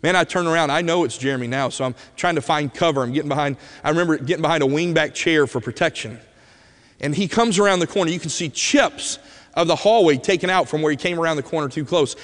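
A man preaching a sermon as an animated storyteller who swings from loud bursts to hushed moments, in a church sanctuary. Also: fairly high pitch, fast talker, in a large hall.

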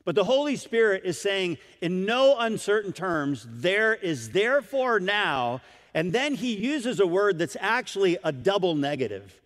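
A man's voice: high-pitched, long reverb tail. A man preaching a sermon in an emphatic, dramatic way, with big swings in volume.

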